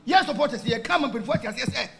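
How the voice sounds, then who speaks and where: A man's voice: very high voice, fast, vocal fry, noisy background. A man with a Ghanaian accent, a football supporter talking with passion on radio and switching between Twi and English. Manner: mixes Twi and English, animated and emphatic. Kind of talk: impassioned radio talk.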